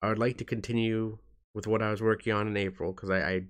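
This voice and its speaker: A man vlogging to his viewers in a soft, halting way, tired and in pain. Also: lowish voice, flat delivery. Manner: soft-spoken, halting, with frequent restarts. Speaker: YouTuber. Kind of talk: casual talk to camera.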